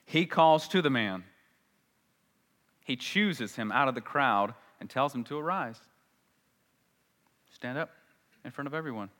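Male pastor, sermon, bright and forceful, chatty, lots of rhetorical questions; long hall reverb. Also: medium pitch, expressive, unhurried, pauses often. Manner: conversational, asks the room rhetorical questions.

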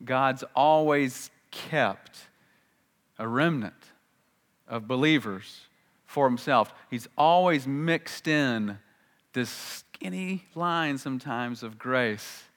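A man preaching a sermon, telling a story with energy and acting out the lines he quotes, with rises and drops in pitch and loudness. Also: slow pace, big-room sound. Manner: animated storytelling, acts out quotes with big jumps in pitch and volume. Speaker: pastor.

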